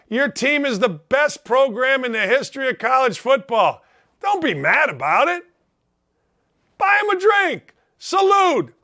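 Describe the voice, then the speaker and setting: A man's voice: extremely high pitch, bright, forceful tone. A middle-aged man hosting a sports talk show, ranting bluntly in a riled-up monologue full of folksy slang. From Indianapolis, United States. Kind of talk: opinionated sports radio monologue.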